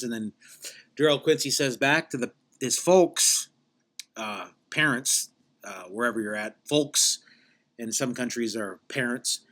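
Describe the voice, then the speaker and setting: Male podcast host, meandering deadpan comic storyteller, bright tone. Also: medium pitch, unhurried. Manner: meandering, self-correcting, deadpan tall tale.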